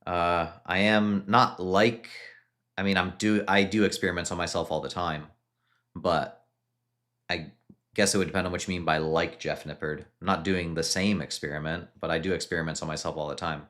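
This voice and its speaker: A man in his thirties streaming casually and reading viewer questions aloud. He answers in a relaxed, hesitant way with frequent restarts. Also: deep voice, moderate pace. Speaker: fitness streamer answering live chat. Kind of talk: casual live-stream chat.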